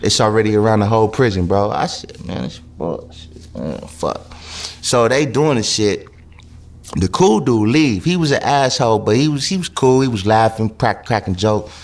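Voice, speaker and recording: Animated man telling a jail story. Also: lowish voice, normal speed. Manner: swearing, acts out voices in quotes. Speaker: interview guest.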